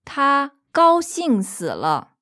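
A woman's voice: high-pitched, huge pitch swings, slow pace, a bit bright. A woman teaching on a language lesson podcast, patiently explaining and giving example sentences, recorded in a studio. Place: studio in Beijing.

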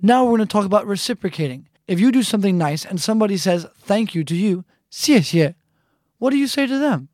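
A woman teaching a language lesson, saying phrases slowly and repeating them with care. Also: mid-range voice, expressive, darkish tone, no echo, studio quality. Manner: slow, deliberate repetition of phrases.

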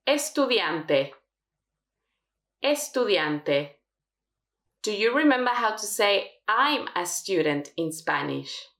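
A woman teaching a language lesson, slowly modelling each word twice for learners. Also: medium pitch, big pitch swings, creaky, fairly bright tone, echoey room. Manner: slow, careful modelling of words. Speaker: Spanish teacher.

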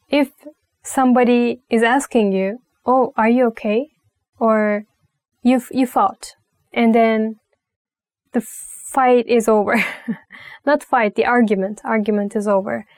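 A young woman with a Turkish accent teaching a language lesson, talking slowly and patiently, repeating phrases with many fillers. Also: on the high side, fairly even intonation, darkish tone, dry recording. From Turkey. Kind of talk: relaxed spoken language lesson.

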